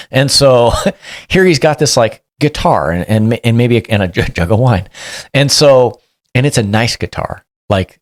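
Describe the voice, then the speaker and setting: A man, a police sergeant, telling a story in a casual and animated way as a podcast guest, acting out what people said. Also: fairly low pitch, dry recording, studio quality. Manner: animated, acts out quotes.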